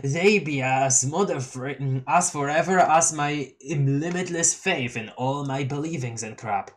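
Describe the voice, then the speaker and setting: A reader puts on a laid-back clown troll boy who drags out his words in slow, rambling rhymes, swearing and honking as he goes. The pitch sits in a medium range, and the pace is unhurried. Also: close to an everyday voice. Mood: mellow drawl. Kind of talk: dramatic reading of a webcomic.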